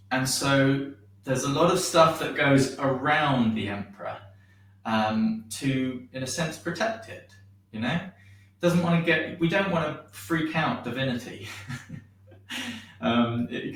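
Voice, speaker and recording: A man teaching a shiatsu class, guiding breathing and stretches in a gentle, unhurried way with many pauses and ums. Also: mid-range voice. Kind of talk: guided movement class. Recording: echoey room, far from mic.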